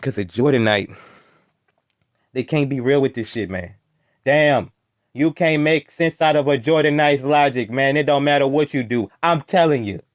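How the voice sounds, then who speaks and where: A reaction video host with a medium-pitched voice rants casually over a clip at a moderate pace in a dry recording. He sounds exasperated, heckling and stammering as he goes.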